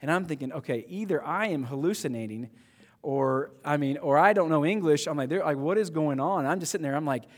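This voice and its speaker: A man's voice: a little high, fairly quick, big-room sound. A man preaching a sermon as pastor, praying and then telling a story in a conversational way with frequent restarts.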